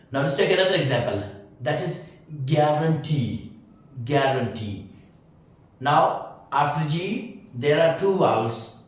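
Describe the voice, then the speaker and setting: A man teaching English grammar, hesitant with many fillers, often repeating phrases, spelling words out letter by letter and checking whether the class has understood. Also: mid-range voice. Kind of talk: spoken grammar lesson. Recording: very echoey room, distant mic.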